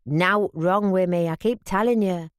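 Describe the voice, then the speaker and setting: Woman doing a gruff Yorkshire father in his fifties. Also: lowish voice, measured pace, no room sound, studio quality, natural voice. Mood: grudging. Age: 50s. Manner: gruff, blunt, grumbling. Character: gruff proud Yorkshire father, aged fifty.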